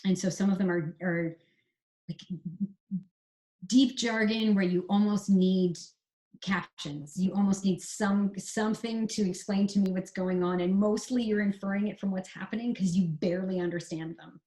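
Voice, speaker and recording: A Canadian woman who writes screenplays, chatting through writing advice in a relaxed interview and spelling out examples. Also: mid-range voice, moderate pace. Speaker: screenwriter guest. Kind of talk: casual explanatory interview talk.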